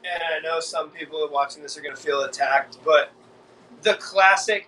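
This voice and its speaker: A man's voice: fairly high pitch, normal speed, sharp tone. A man, a band drummer, joking and rambling in a casual interview over a video call. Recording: distant mic with faint noise.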